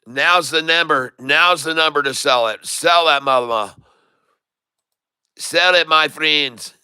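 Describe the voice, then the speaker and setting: A man giving live stock trading commentary, excitable, repeating his sell calls to viewers and joking in broken Spanish. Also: on the high side, takes it slowly, clear, resonant tone, no room sound. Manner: jokey, mixes in broken Spanish.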